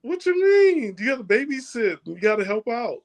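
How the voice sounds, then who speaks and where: A man's voice: extremely high pitch, sing-song, normal speed. A man co-hosting a podcast, teasing his friend in casual chat. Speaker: podcast co-host.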